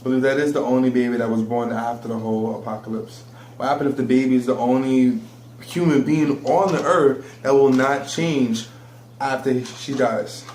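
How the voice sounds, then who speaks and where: A man's voice: medium pitch, fairly even intonation, normal speed, a little mellow. A man co-hosting a casual fan talk show, joking and theorizing with crude humor. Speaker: co-host. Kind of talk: casual chat. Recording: roomy with clear background noise.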